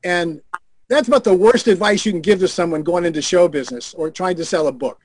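High-voiced older man telling stories. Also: brisk, darkish tone, breathy edge, no room sound. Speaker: guest on a video call show. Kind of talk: anecdotal storytelling. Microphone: video call.

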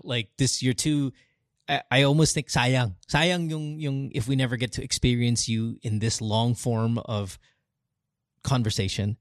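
A man's voice: mid-range voice, fairly even intonation, moderate pace, no room sound, studio quality. A man hosting a podcast, talking in an earnest, rambling way with many restarts. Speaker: podcast host. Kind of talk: casual heartfelt conversation.

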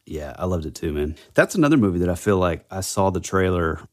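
A middle-aged man with a fairly low voice co-hosts a casual podcast. He sounds relaxed and agreeable, and often trails off partway through a thought. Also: a little fast. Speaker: podcast co-host. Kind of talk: casual chat.

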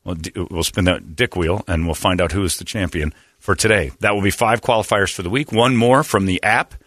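A man hosting a morning radio show, telling stories and reacting loudly with lots of laughter. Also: low-pitched, fairly quick, no room sound, clean studio sound. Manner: loud exclamations, laughing, animated storytelling. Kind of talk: casual radio banter and storytelling. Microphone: studio mic.

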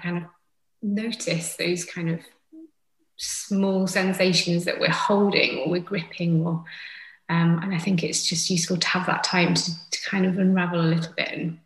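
Bright-voiced woman, gentle. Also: lowish voice, roomy sound, rough recording. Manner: gentle, reflective, with soft fillers. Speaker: podcast guest, yoga teacher. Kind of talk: casual conversation.

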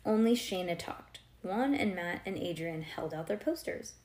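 A woman's voice: on the low side, moderate pace. A young woman reading a children's book aloud, breaking off now and then to chat and joke with someone close by. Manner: lively, breaks off to chat and joke with a listener nearby. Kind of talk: reading a storybook aloud with asides.

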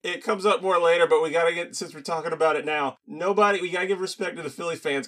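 A man on a wrestling podcast who breaks in with quick asides during casual chat. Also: on the high side, a bit bright. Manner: jumps in with quick asides, laughing.

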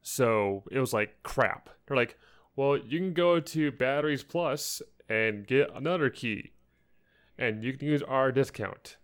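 A man's voice: mid-range voice, expressive, a little slow, a bit bright. A young man co-hosting a podcast, telling an angry story in a casual chat and acting out the people he quotes. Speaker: podcast co-host.

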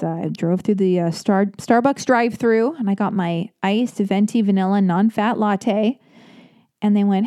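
Chatty woman with a mellow voice. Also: on the low side, no room sound, clean studio sound. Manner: chatty, rambling, animated asides. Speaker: podcast host. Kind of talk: casual solo podcast talk.

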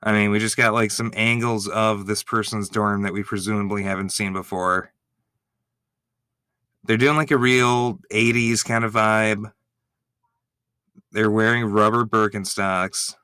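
Excitable man with a bright voice. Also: on the low side, unhurried, pauses often, smooth, dry recording, studio quality. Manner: excitable, gushing, swears freely. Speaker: commentator. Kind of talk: reaction commentary.

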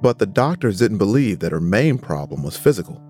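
A man narrating a documentary story in a measured, scripted way. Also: fairly low pitch, very animated, a little mellow, faint music behind.

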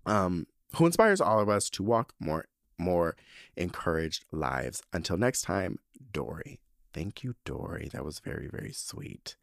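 Deep-voiced chatty campy man. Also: sing-song, measured pace, vocal fry, dry recording, clean studio sound. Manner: chatty and campy, full of fillers. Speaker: podcast host. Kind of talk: casual chat, reading listener letters.

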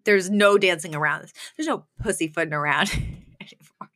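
Chatty, bright-voiced young woman. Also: on the low side, normal speed. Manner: chatty, animated, full of fillers and laughter. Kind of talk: casual chat, recapping a sitcom episode.

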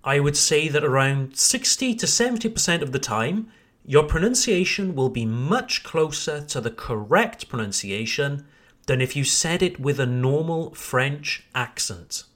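Slow, animated male pronunciation teacher. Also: a little high. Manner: slow, emphatic modelling of words, addresses listeners as ladies and gentlemen. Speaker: English pronunciation teacher, podcast host. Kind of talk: podcast pronunciation lesson.

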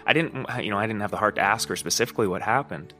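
A podcast host talks through a personal story very fast in a lowish, bright, forceful voice, with faint music behind him. His casual monologue is candid, profane and rambling, often punctuated by "you know what I mean?"

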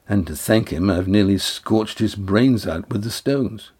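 A man's voice: fairly low pitch, a little slow, a little mellow, breathy edge. A man voicing an earnest young sailor who worries aloud in an audiobook. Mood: worried. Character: anxious young sailor, earnest and self-doubting. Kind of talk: audiobook character voice.

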